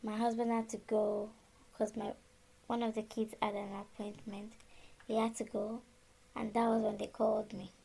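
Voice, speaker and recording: A woman in her thirties from Nigeria recounts a personal story in a casual, chatty way. Her voice sits a bit high and has a gravelly texture. She moves her pitch around a lot while she quotes the people she spoke with. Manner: animated, reenacts conversations with quoted dialogue. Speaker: storyteller sharing her birth experience.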